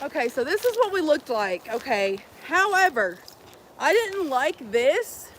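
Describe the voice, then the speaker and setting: A young woman vlogging to her phone outdoors at a campsite, chatting in an animated, profane, jokey way. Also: sits high, measured pace, a little hiss or hum. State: out of breath. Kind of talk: casual chat to camera.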